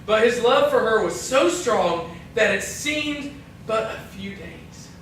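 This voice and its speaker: Casual young-group Bible teacher, man, high bright voice, echoey hall mic from a distance. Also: animated, slow, a little hiss or hum. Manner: chatty, self-interrupting, jokey asides. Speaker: youth pastor. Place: church hall.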